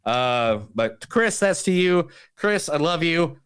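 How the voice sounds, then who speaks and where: A man's voice: on the high side, lively intonation, slow, a bit bright, clear, resonant tone. A man in his forties, a podcast co-host, telling a story in casual chat, swearing freely and throwing in sound effects.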